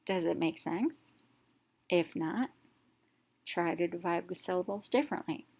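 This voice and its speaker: A woman with a fairly low voice teaching a phonics lesson. She walks through each step slowly and deliberately, sounding out letters one by one before blending them into a word. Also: darkish tone.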